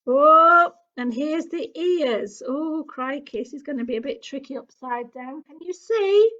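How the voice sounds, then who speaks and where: A woman's voice: sits high, animated, normal speed, dark tone. A woman with a British accent leading a children's craft session, chatty and full of little exclamations as she talks straight to small children. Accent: British English. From England. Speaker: children's activity presenter. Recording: dull lo-fi recording.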